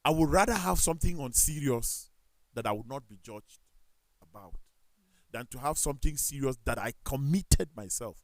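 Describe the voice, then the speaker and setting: A man with a Nigerian accent, speaking as a talk show panelist. He tells animated stories, acts out the dialogue, and corrects himself as he goes. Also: mid-range voice, moderate pace, no echo. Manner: animated storytelling with quoted dialogue and self-corrections. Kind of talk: casual studio discussion.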